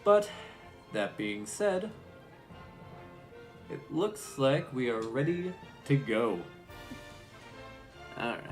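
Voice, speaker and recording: Guy streaming a game, slow easy talk, voice goes up and down a lot, bit of music under. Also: medium pitch, very animated. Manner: chatty, laughs at himself. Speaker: voice actor streamer. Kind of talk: casual game stream commentary.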